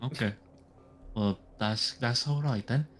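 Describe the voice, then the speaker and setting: A man's voice: medium pitch, slow pace, faint music behind. A man playing a tabletop game, easygoing, often restarting his sentences. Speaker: player. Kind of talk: casual tabletop game play.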